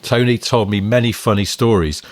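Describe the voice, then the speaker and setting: A man's voice: on the low side, normal speed. A man co-hosting a podcast, reading a listener's email aloud and telling the story with frequent laughs. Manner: chatty storyteller, laughs often. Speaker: podcast co-host.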